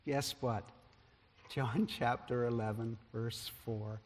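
A male pastor preaching a sermon as an animated storyteller, his loudness rising and falling with the story. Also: a little high, unhurried. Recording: long reverb of a large hall.

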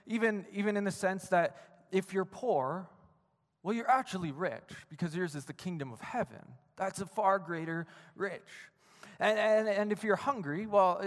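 A man preaches an earnest sermon in a fairly high voice and often doubles back on his own words. His voice rings out into a long, echoing hall. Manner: earnest, repeats words as he speaks, frequent "right?". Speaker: pastor. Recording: reverberant hall.

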